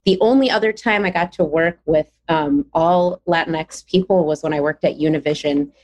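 A woman with a lower voice, put on the spot as a podcast producer. She speaks earnestly but hesitates, filling gaps with ums and uhs. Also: normal speed, darkish tone. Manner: hesitant, earnest, many fillers. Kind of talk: casual podcast chat.

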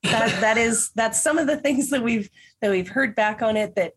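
A woman's voice: a little high, moderate pace, husky. A woman guest on an interview podcast, talking casually with a stuffy nose, rambling with restarts and small laughs.

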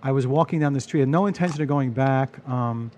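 A man, a bartender telling stories in casual chat, animated and full of restarts. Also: medium pitch, a little fast, a little hiss or hum. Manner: animated storyteller, frequent restarts. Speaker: bartender and storyteller.

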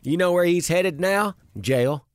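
A man's voice: high voice, animated, measured pace, heavy background noise, voice pushed up. A man voicing a brash young country boy who tells a comic crime story in a boastful, folksy way. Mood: smug. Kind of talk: comic radio segment.

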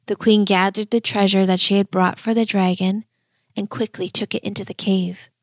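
A woman narrating a bedtime fairy tale in a gentle, measured way. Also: mid-range voice, dry recording, clean studio sound. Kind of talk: storybook narration.

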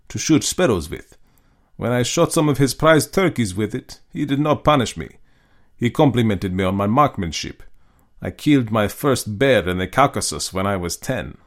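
A man voicing a suave, menacing aristocratic hunter in a storybook reading, speaking slowly and courteously. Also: mid-range voice, lightly acted. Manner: slow, measured, courteous.

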